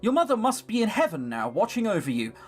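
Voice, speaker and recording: A reader voicing a gentle, earnest young girl in a visual novel, in a plain, soft reading voice with lively pitch. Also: quick pace, faint music behind.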